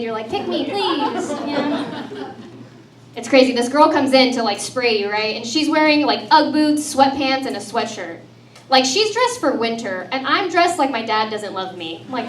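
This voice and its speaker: A woman in her thirties doing a breezy, self-mocking stand-up comedy set, peppering her lines with "dude" and "man.". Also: fairly high pitch. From United States. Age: 30s. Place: comedy club stage. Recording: echoey club from a distance, crowd audible.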